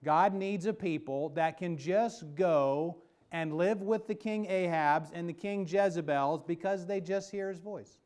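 A man delivers a sermon from the pulpit of a church, his voice sitting a little high for a man. He builds to emphatic peaks, then falls back into a soft, intimate hush. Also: unhurried, hardly any pauses. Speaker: pastor.

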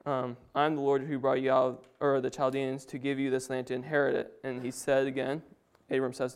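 A young man gives an informal Bible talk, an informal sermon, to his family, a bit nervous and adding casual asides and chuckles. His mid-range voice is clean and monotone, fairly quick, with few pauses.

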